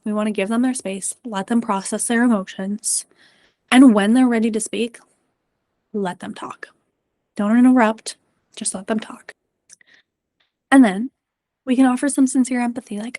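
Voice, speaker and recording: A woman mental performance coach giving a presentation to parents and coaches, earnest and gently encouraging with frequent ums. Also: a little high, fairly even intonation, moderate pace, pauses often, dry recording.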